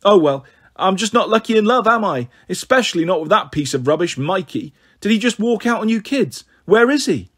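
A man's voice: high-pitched, expressive, fairly quick, fairly bright tone, breathy edge, pitched above the performer's own voice, full character voice. A man voicing a frantic, scatty young mother in a storybook reading, pleading and defensive.

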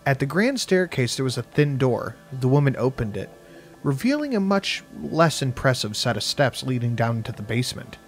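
A man's voice: medium pitch, sing-song, moderate pace. A man narrating a horror story in the first person, with a wry storytelling manner. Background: faint music.

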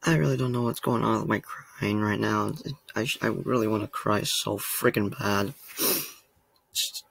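A man's voice: fairly low pitch, steady tone, normal speed, gravelly, fairly bright tone, husky. A man hosting a reaction vlog, talking casually to the camera in a rambling, emotional way and laughing at himself often. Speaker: reaction channel host. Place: home room.

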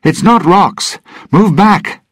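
A man's voice: mid-range voice, big pitch swings, unhurried, breathy edge, dry recording, clean studio sound, pitched above the performer's own voice. A man voicing an earnest young male sailor who speaks eagerly in a storybook reading. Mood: shouting. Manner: eager, shouting warnings.

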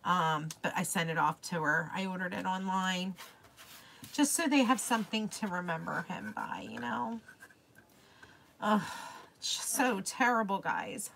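A woman's voice: lowish voice, measured pace, vocal fry, fairly bright tone. A young woman hosting a casual craft livestream, gushing and chatting with viewers by name. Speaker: craft live-stream host.

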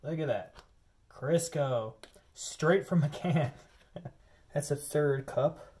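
A man's voice: on the high side, slow pace, mellow. A man hosting his cooking vlog, chatty and goofy, rambling as he cooks. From Lower Peninsula of Michigan. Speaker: cooking channel host.

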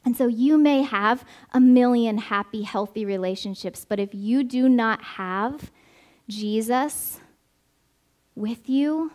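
A woman preaching at a church service with a slightly high voice. She talks at an unhurried pace, chatty and direct, leaning hard on repeated words for emphasis. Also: darkish tone. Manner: conversational, often adds "right?"; emphatic repetition. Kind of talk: sermon.

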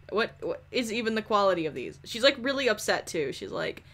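A young woman giving casual, animated commentary over a life-simulation game, swearing often and scolding the characters. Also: mid-range voice, a little fast, hardly any pauses. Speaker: gameplay commentator.

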